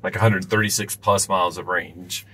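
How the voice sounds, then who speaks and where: A man co-hosting a road trip vlog, explaining things in a relaxed, casual way with lots of fillers. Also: deep voice, normal speed, low-quality recording. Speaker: vlog co-host. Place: inside a car on the highway. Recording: road noise in a car.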